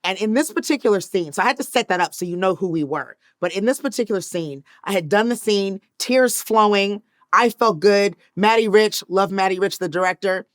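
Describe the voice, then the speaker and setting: A woman in her fifties tells a story as an interview guest. She acts out each voice in it and swings between hushed and loud moments. Her voice sits at a middle pitch and is recorded dry and close, with no room sound. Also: fairly quick, no room sound. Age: 50s.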